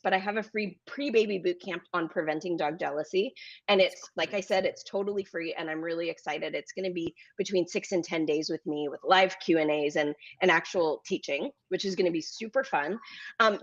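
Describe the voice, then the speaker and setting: A woman's voice: on the low side, dry recording, lo-fi sound. A woman guest talking casually about her free course and podcast, friendly and chatty. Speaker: guest, dog trainer. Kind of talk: casual interview chat.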